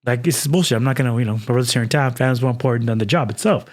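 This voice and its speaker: A man's voice: mid-range voice, rapid-fire. A young man co-hosting a casual podcast, telling a story with lots of laughter. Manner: animated storytelling, laughs often. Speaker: podcast co-host.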